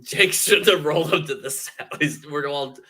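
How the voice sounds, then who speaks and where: A man co-hosting a casual streamed podcast, joking and animated, often slipping into quoted voices. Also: on the high side, moderate pace. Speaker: podcast co-host.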